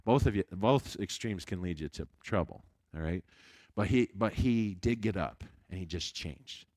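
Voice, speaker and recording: A man with a deep, low voice preaches a Sunday school lesson as a lively story, tumbling through restarts and asides. He sounds like a traveling evangelist. The recording is close and dry. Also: moderate pace, no echo. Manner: chatty, animated storytelling with frequent restarts.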